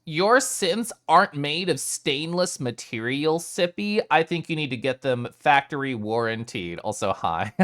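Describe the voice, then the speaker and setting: A man streaming live, chatting casually with his viewers in an animated way and swearing now and then. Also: fairly high pitch, measured pace.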